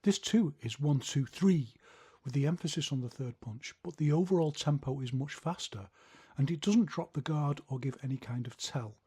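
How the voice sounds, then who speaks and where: A man's voice: medium pitch, brisk, darkish tone, husky. A man teaching a martial art, explaining punch combinations step by step and counting out their rhythms. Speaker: martial arts instructor. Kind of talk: instructional video narration.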